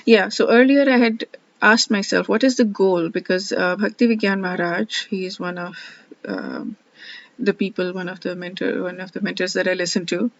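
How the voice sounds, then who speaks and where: A woman's voice: medium pitch, steady tone, normal speed. Woman musing to camera, heartfelt and rambly, kinda dull audio. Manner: rambling, heartfelt, self-questioning; frequent fillers and restarts, quotes her own thoughts. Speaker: vlogger studying scripture. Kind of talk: reflective personal vlog talk.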